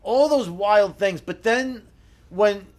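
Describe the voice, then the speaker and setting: A man co-hosting a podcast, telling wrestling memories in excited casual chat with frequent laughter. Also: high voice, slow pace. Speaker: podcast co-host.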